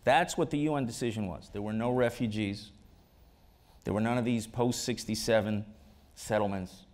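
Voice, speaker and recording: A man's voice: fairly low pitch, moderate pace, a little mellow. A man speaking as a guest in an onstage conversation, making emphatic arguments with the odd wry joke. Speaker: ambassador, interview guest. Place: auditorium stage.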